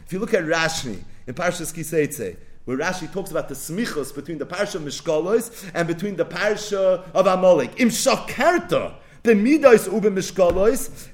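Animated high-voiced man teaching Torah. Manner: animated, poses rhetorical questions and answers them; quotes verses in a slow recitation. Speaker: rabbi teaching a text class. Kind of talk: Torah lecture.

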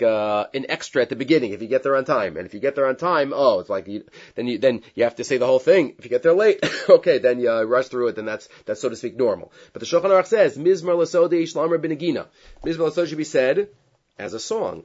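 A man teaching a class on Jewish law, reading Hebrew sources and explaining them in English, with asides and rhetorical questions. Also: medium pitch. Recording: dull lo-fi recording.

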